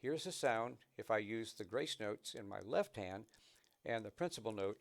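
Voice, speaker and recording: A man's voice: lowish voice, lively intonation, moderate pace, creaky, heavy background noise. A man teaching snare drum technique, patiently explaining and counting rhythms aloud between demonstrations. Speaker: drum instructor. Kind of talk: instructional demonstration.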